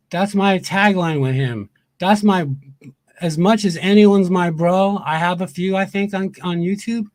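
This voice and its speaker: A man's voice: sits high, unhurried, darkish tone, dry recording. A man ranting on a livestream, angry and profane, repeating his points over and over. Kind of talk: heated livestream rant.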